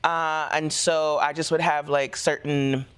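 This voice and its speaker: A woman actor being interviewed as a talk show guest, telling stories in a relaxed, expressive way. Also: deep voice, unhurried, clear, resonant tone. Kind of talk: interview chat.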